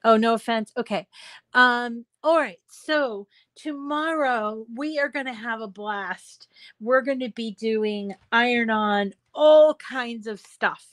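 A woman's voice: on the high side, slow, a bit bright, dry recording. A woman hosting a casual craft tutorial, chatting to her viewers in a rambling way with many fillers. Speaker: craft show host.

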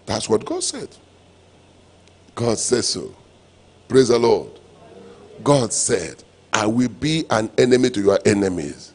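Preaching pastor with emphatic loud bursts. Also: male voice, lowish voice, big pitch swings, slow, creaky, pauses often, breathy edge. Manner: preaching with call-and-response phrases and sudden loud emphatic bursts. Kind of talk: sermon.

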